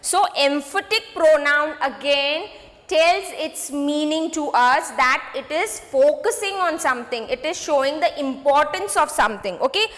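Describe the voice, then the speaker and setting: A woman teaching a grade six grammar lesson, repeating points slowly and checking in with students. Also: high-pitched, fairly bright tone, long reverb tail. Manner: slow, repetitive, addresses students with "okay?" checks.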